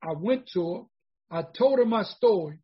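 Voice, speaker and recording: A man in his forties speaks with a raised, husky voice. He tells his own story in a conversational way, repeating points for emphasis. The recording sounds dull and lo-fi. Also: high-pitched, expressive, a little slow. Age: 40s. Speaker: formerly incarcerated speaker. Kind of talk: personal storytelling talk.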